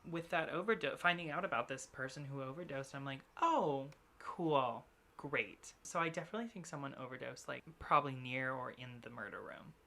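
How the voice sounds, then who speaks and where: A low-pitched woman co-hosting a podcast over a remote long-distance setup. She talks casually in quick, filler-heavy bursts and retells stories with plenty of "like" thrown in. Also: pushed and bright. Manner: chatty, quick bursts full of "like". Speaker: podcast co-host. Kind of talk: casual chat.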